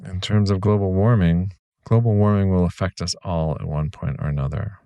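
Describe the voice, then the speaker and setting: On a reflective podcast, a male host with a deep, gravelly voice speaks earnestly and reassuringly right to the listener, fairly quick, steady and warm. The recording is close and totally dry, with no room sound at all.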